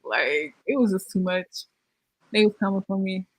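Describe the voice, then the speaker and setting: Animated woman host telling stories. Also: mid-range voice, moderate pace. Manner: animated, acts out quoted people. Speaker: YouTube host. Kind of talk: casual chat, storytelling.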